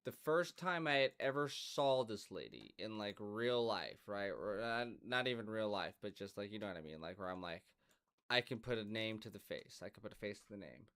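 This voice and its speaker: A man's voice: fairly low pitch, animated, normal speed, fairly bright tone, clean tone. A man hosting a podcast in a casual, rambling monologue, swearing freely and talking to his dog. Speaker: podcast host.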